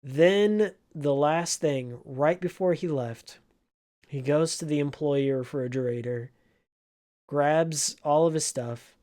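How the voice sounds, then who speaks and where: A man's voice: on the high side, a little mellow. A man telling an emotional story from his old job in a casual vlog, in an earnest, heartfelt way. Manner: slow, earnest, emotional retelling. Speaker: vlogger, former game store clerk.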